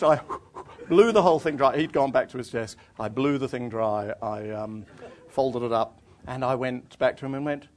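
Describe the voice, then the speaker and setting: A man's voice: mid-range voice, moderate pace, a faint crowd, slight background noise. A middle-aged man, an author telling a story to an audience. He rambles and restarts and makes fun of himself. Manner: rambling, self-deprecating, frequent restarts. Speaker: author giving a talk.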